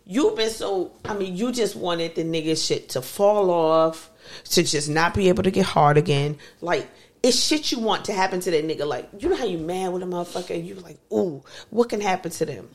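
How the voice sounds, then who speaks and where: A woman's voice: on the low side, fairly quick, roomy sound. A woman hosting a podcast, talking in blunt, joking, emphatic banter. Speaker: podcast host. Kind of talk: casual banter.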